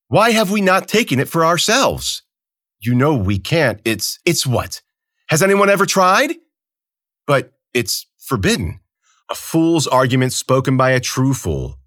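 A man's voice: mid-range voice, fairly bright tone, no room sound, studio quality, voice pushed up. A man playing a sneering, arrogant emperor. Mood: contemptuous. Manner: sneering, theatrical. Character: arrogant contemptuous male emperor, bored and scornful. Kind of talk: audiobook character voice.

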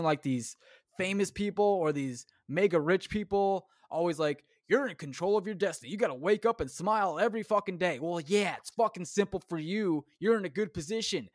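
A man's voice: high-pitched, no room sound, clean studio sound. A man hosting a solo podcast, ranting casually, swearing constantly and rambling off on tangents. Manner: rambling, self-interrupting. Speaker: podcast host.

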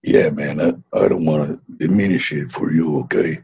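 A man playing a husky, laid-back ex-wrestler. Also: a bass voice, moderate pace, darkish tone, lo-fi sound, full character voice. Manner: laid-back, drawling, says "man" constantly. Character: laid-back Mexican ex-wrestler man who hatched from an egg. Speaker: interview guest. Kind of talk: improvised comedy interview.

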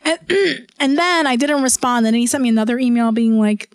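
A woman co-hosting a podcast, with a fairly high voice, recorded dry and close on the mic. She rambles in loose, casual chat, filling every gap with "like" and "you know" and swearing without a second thought. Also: brisk, clean tone, dry recording. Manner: chatty, heavy use of "like" and "you know", swears freely. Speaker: podcast co-host.

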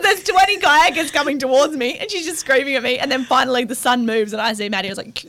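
A woman's voice: high voice, fast, hardly any pauses, noisy background. A young Australian woman co-hosting a podcast, telling a story animatedly and laughing often. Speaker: podcast co-host. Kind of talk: casual chat.

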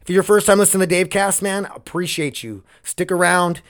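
A man's voice: sits high, fairly even intonation, fast, a bit bright, clear, resonant tone. A man hosting his own solo podcast, talking casually in a rambling, candid way and swearing often, close on the mic. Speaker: podcast host.

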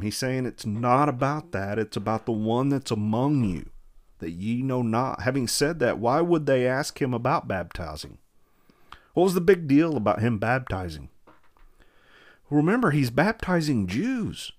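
A man preaching a verse-by-verse sermon, reading scripture in a slow, formal cadence and then explaining it in plain talk with rhetorical questions. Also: medium pitch, very animated.

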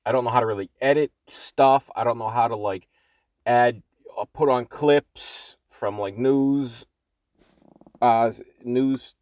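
A man with a strong Boston accent talks off the cuff in a solo podcast, rambling, restarting and swearing bluntly. His voice sits at an ordinary middle pitch. The sound is dry and close, caught on an earbud mic inside a parked car. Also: takes it slowly, a little mellow, no room sound. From Boston, Massachusetts. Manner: rambling, many fillers and restarts, blunt and profane. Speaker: podcast host.

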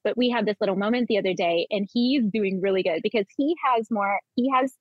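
A woman of middle pitch speaking as a guest on a podcast, earnest and spiritual in tone. She restarts and repeats words as she thinks aloud. The recording is dull and lo-fi, with a dry sound and almost no room echo. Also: fairly quick. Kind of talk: conversational interview.

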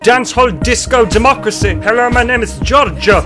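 A flamboyant male disco announcer with a high, showy, half-sung delivery. He sounds grand and theatrical. Loud hip hop music plays under him. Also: normal speed. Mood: grandiose.

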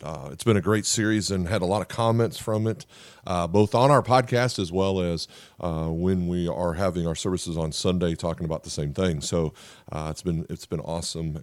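A man's voice: low-pitched, a little mellow, no echo. A middle-aged man, a pastor and podcast host, giving a sermon in an earnest, conversational way, with frequent "uh" fillers and restarts.

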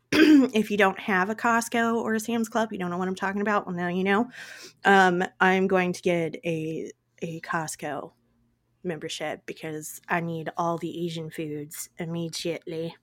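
A woman's voice: lowish voice, fairly even intonation, moderate pace, no echo, studio quality. A woman with a Southern US accent co-hosting a podcast, chatting animatedly and peppering her talk with "like" and "y'all". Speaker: podcast co-host. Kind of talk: casual chat.

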